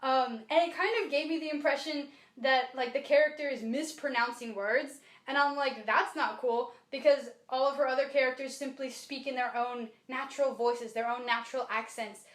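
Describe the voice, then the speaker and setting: A woman co-hosting a podcast talks about a book in a casual, animated way, full of fillers and restarts. Her voice sits high. The sound has a roomy echo. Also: moderate pace, few pauses. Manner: chatty, animated, many fillers. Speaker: podcast co-host. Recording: echoey room.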